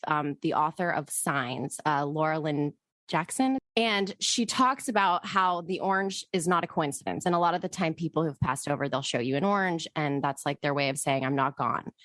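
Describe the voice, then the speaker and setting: A woman's voice: low-pitched, a bit bright, dry recording. A woman podcast co-host telling a personal story in casual chat, emotional and rambling, swearing freely.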